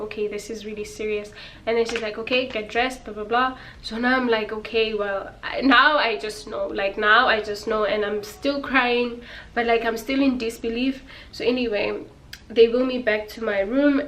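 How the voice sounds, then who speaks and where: A woman's voice: medium pitch, fairly bright tone. A young woman vlogger telling a personal story to her viewers in a candid, emotional, casual way.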